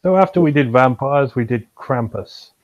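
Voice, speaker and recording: A man's voice: mid-range voice, expressive, moderate pace, muffled recording. A man co-hosting a podcast, dry and sardonic, steering the conversation along. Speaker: podcast co-host. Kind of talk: casual podcast banter.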